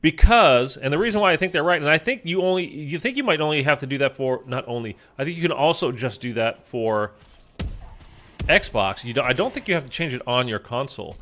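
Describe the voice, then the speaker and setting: A male gaming YouTuber rambles through casual commentary on a zombie shooter, using lots of fillers. His mid-range voice is expressive, brisk and sharp, with a little hiss or hum in the background.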